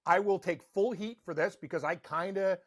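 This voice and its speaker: A man's voice: sits high, moderate pace, dry recording, clean studio sound. A man co-hosting a casual sports betting podcast from Canada, telling rambling stories packed with "like". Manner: rambling, animated storytelling with lots of "like". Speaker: podcast co-host.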